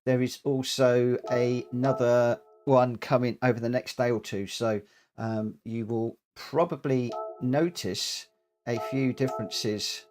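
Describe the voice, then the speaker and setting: A man's voice: mid-range voice, fairly even intonation, slow, over music. A man chatting casually as he live-streams a racing game, greeting viewers and poking fun at himself, his voice worn from coughing and short of breath. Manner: chatty, self-deprecating, greets chat viewers.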